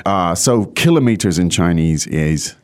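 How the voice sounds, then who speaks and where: A man's voice: low-pitched, animated, a little slow. A man hosting a podcast language lesson, explaining words in a chatty way with frequent fillers. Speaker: language teacher, podcast host.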